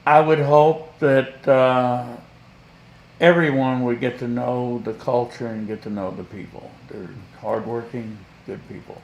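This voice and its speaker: A man from Kentucky answering interview questions slowly and haltingly, often repeating words. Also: medium pitch, gravelly, darkish tone. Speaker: parishioner and guest. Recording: echoey room.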